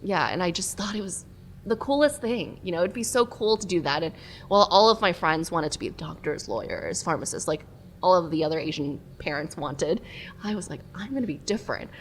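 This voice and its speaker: A woman journalist, a podcast guest, chatting casually and telling lively stories about her life, from Southern California. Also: fairly low pitch, brisk, slight background noise. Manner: lively, animated storytelling. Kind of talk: casual interview chat.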